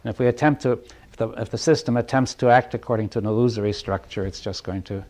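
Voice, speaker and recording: A man giving a reflective talk to a group, thinking aloud in halting phrases, checking in with "right?" and chuckling lightly between points. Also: medium pitch, darkish tone. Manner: thoughtful, halting, often asks "right?". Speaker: speaker leading a group dialogue.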